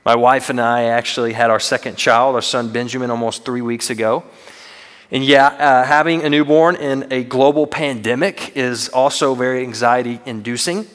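A man's voice: mid-range voice, steady tone, normal speed, fairly bright tone. Earnest young male preacher in a reverberant hall. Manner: earnest, conversational, self-deprecating humor. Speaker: student minister. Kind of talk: sermon. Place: church sanctuary. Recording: long reverb of a large hall.

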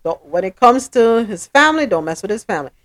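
A woman's voice: mid-range voice, sing-song, fast talker. Frustrated woman hosting a talk show. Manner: frustrated, apologetic, emphatic. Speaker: podcast host. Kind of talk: casual talk show commentary.

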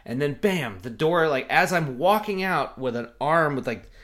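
A man in casual conversation who tells animated stories and swears constantly, talking about his restaurant work. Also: on the high side, moderate pace. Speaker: restaurant server. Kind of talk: casual chat.

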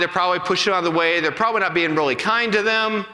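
A man preaching a sermon as pastor, telling a Bible story with acted-out voices and dropping to hushed appeals. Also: high-pitched, quick pace, hardly any pauses. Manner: animated storytelling, acting out voices, then hushed and intimate. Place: church sanctuary. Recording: long reverb of a hall.

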